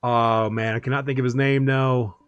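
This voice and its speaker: A man's voice: medium pitch, level tone, moderate pace, clear, resonant tone, no room sound, dull audio. Chatty man streaming, dry sound. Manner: rambling, chatty, laughs often. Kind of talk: casual chat while gaming.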